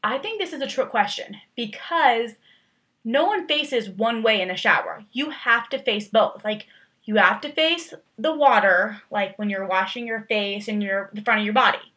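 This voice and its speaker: A woman's voice: a little high, normal speed, pushed and bright. A young woman vlogging casually, rambling through tag questions with lots of fillers and playful, exaggerated emphasis.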